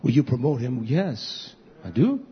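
A man preaching a sermon to his congregation, repeating phrases and building to loud, high emphatic peaks. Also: very animated, measured pace. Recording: dull lo-fi recording.

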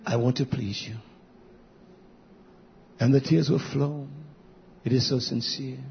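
A man preaching a sermon to his congregation, repeating phrases and building to loud, high emphatic peaks. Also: steady tone, slow, gravelly, a little hiss or hum. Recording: dull lo-fi recording.

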